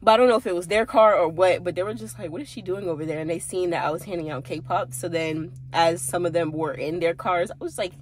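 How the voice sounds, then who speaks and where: A woman's voice: fairly low pitch, a little fast, hardly any pauses, slight background noise. A woman who runs a small business, chatting casually to her viewers as she vlogs outdoors and from her car on a handheld phone. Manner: chatty, talks straight to viewers. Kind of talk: casual vlog narration.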